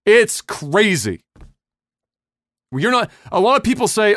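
A man's voice: sits high, very animated, slow, fairly bright tone, no room sound. A man hosting a casual podcast, ranting bluntly and heatedly with lots of swearing. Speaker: podcast host.

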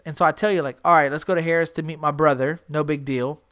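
A woman podcast host telling a story in a casual, profane and animated way, often repeating herself. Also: low-pitched, fast, few pauses.

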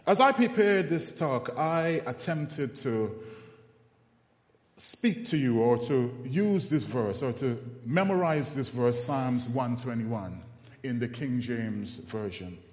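A man preaching a sermon, telling funny personal stories in an animated, self-mocking way before reciting scripture. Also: mid-range voice, slow. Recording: echoey hall with long reverb.

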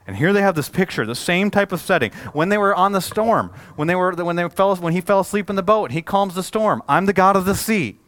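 A male pastor delivering a sermon in a fairly high voice, recorded dry and close with little room sound. He swings between rising, forceful emphasis and quiet, low asides, and he acts out the people he quotes. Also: fairly quick, few pauses, no echo.

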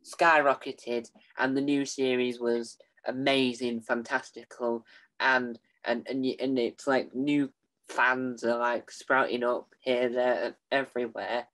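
A young interviewer asks questions with eager enthusiasm. He keeps restarting and stumbling over words. His pitch sits in the middle range. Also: flat delivery, fairly bright tone. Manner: eager, halting, many restarts. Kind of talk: casual interview.

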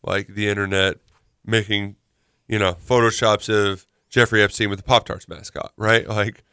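A man's voice: fairly low pitch, flat delivery, moderate pace, bright, forceful tone, smooth, no room sound, clean studio sound. A man co-hosting a talk show, chiming in casually with laid-back quips. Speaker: co-host. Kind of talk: casual chat.

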